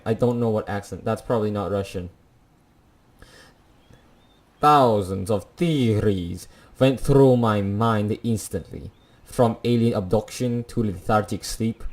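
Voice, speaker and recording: A man's voice: fairly low pitch, a little mellow. A young man playing a visual novel, reading its text aloud and cracking jokes in between. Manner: jokey asides between dramatic read lines. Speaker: let's play gamer.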